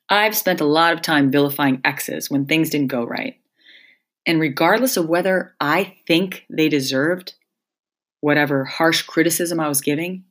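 A woman hosting a reflective self-help monologue, talking conversationally and straight to her listeners as folks. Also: low voice.

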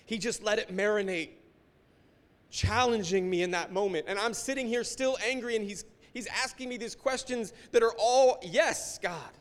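Emotional high-voiced male pastor preaching. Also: fairly even intonation, normal speed, long reverb tail. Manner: emotional, swings from hushed to forceful preaching. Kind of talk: sermon.

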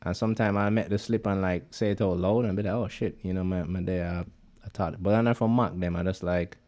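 Jamaican male co-host, mellow and low, loose patois chat full of fillers. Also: steady tone, fairly quick. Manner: rambling Jamaican patois speech, many fillers. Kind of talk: casual chat.

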